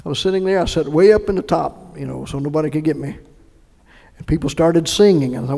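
High-voiced gravelly preacher man. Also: quick pace. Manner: earnest, swings between hushed recollection and emphatic calls. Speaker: pastor. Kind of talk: sermon with personal testimony. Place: church sanctuary. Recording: echoey hall reverb.

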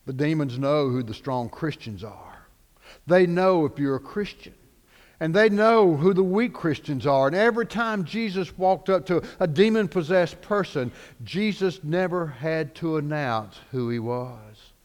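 A man preaching a sermon, animated, acting out the voices he quotes. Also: on the high side, unhurried. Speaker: pastor. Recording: echoey hall.

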